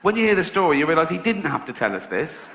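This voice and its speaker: An Englishman performs stand-up comedy on a large theatre stage before a live audience, telling stories, acting out other people's voices and breaking into laughter. His voice sits on the high side with big pitch swings, a quick pace and vocal fry. The roomy, muffled concert recording carries background noise and audience laughter.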